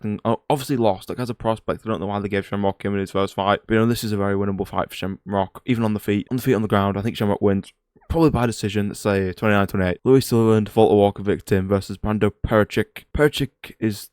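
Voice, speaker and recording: A man's voice: on the low side, a little mellow, dry recording, clean studio sound. A young man with a rambling, chatty manner, giving casual fight predictions on a vlog and questioning himself aloud. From Britain. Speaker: MMA YouTuber.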